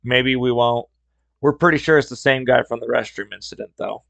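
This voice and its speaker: A man with a gravelly, slightly fried voice tells stories in a relaxed, wry podcast style. His pitch sits at an ordinary middle level for a man. The recording is dry and close, with no room sound. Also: fairly quick, no room sound. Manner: wry, conversational. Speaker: podcast host. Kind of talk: casual storytelling.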